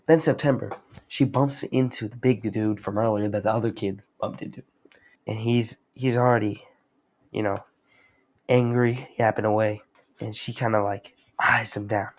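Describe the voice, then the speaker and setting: A man's voice: fairly low pitch, steady tone, moderate pace. A young man recapping a story in a rambling, slangy, casual manner. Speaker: host.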